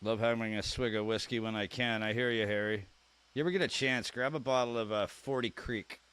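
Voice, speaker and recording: A man's voice: on the low side, steady tone, a little fast, a bit bright, clear, resonant tone. A man hosting a live stream, chatting casually and reading viewer comments aloud in a friendly, joking way. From Canada.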